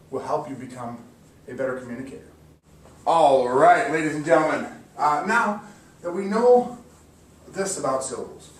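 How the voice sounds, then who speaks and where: A man giving an encouraging mock classroom lesson, slowly sounding out words for students. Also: on the high side. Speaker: teacher. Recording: echoey room, distant mic, faint hiss.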